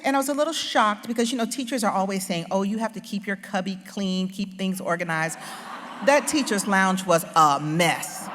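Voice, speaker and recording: A woman author giving a humorous, animated storytelling speech into a stage microphone. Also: medium pitch, background noise. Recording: long hall reverb.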